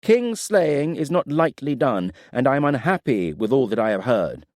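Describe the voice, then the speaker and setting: A man voicing a proud, stern king who speaks in a forceful, clipped, lecturing way. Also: medium pitch, sing-song, moderate pace, no echo, clean studio sound, voice pushed up, close to an everyday voice.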